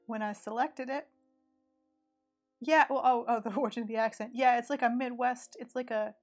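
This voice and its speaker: Chatty woman with an East Tennessee accent. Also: on the high side. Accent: rural East Tennessee. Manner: chatty, thinks aloud while sketching. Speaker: artist streaming live. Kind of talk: casual live-stream chat while drawing. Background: faint background music.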